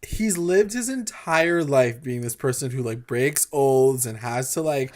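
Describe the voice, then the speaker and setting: An enthusiastic co-host on a laid-back TV recap podcast. The voice has an ordinary middle pitch. The talk is loose and fast-flowing, full of "like", with the odd swear word. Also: expressive, darkish tone. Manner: casual and enthusiastic, heavy filler "like", mild swearing. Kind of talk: casual TV recap chat.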